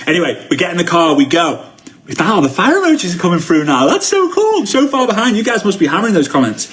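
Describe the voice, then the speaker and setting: A man in his thirties gives a live-streamed sales training talk as a motivational speaker, telling energetic stories and acting out the quotes. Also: high voice, fast talker. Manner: energetic storyteller who acts out quotes.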